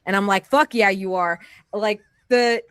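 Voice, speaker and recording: An American woman talks in a loose, gushing way, heaping praise on her fellow players with plenty of "like" and restarts. Her voice sits at an ordinary pitch, and the sound is dry and close, with no room around it. It has the feel of a friendly chat after a game. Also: measured pace, a bit bright, smooth, no echo. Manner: effusive, gushing praise with frequent "like". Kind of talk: casual post-game chat.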